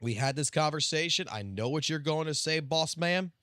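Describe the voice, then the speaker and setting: Sheepish late-to-work office guy, pleading, higher and louder; a man doing the voice in an anecdote. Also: moderate pace, no room sound, studio quality, natural voice. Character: sheepish hungry male office worker.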